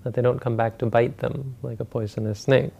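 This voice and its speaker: A man doing a calm wise sage. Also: mid-range voice, brisk, creaky. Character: calm male spiritual teacher, wise and measured.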